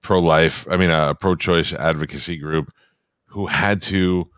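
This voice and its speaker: A man's voice: deep voice, fairly even intonation, unhurried, a bit bright, smooth, no echo, clean studio sound. A man hosting a podcast, blunt in his questions and stammering through restarts. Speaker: podcast host. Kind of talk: casual podcast chat.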